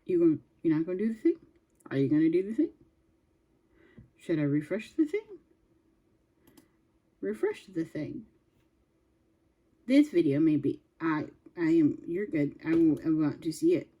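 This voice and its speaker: A woman hosting a reaction video, chatting to herself and reading text aloud slowly. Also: deep voice, big pitch swings, mellow, dull audio. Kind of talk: casual reaction commentary.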